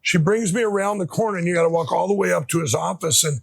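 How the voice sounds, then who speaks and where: A man from Minnesota, a podcast guest, telling his personal faith testimony in a rambling, halting way, full of restarts and fillers. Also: high-pitched, creaky, breathy edge.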